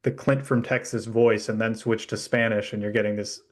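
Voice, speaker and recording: Relaxed man explaining his product. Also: lowish voice, normal speed. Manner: relaxed, explanatory, laughs easily. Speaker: guest, company founder. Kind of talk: casual interview chat.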